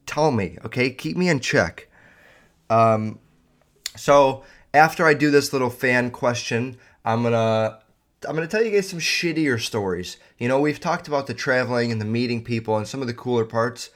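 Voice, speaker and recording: A man's voice: mid-range voice, normal speed, a bit bright. A young man hosting his own podcast, rambling casually with heavy profanity and lots of fillers. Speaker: podcast host. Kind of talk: casual solo podcast rant.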